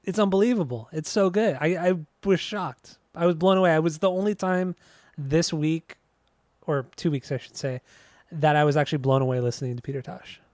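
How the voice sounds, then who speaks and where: A man's voice: fairly high pitch, brisk, darkish tone, no echo. A young man with a slightly raised voice chats casually, dry and close to the mic. He teases his co-host, laughs often and swears offhandedly. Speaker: podcast co-host. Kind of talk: casual chat.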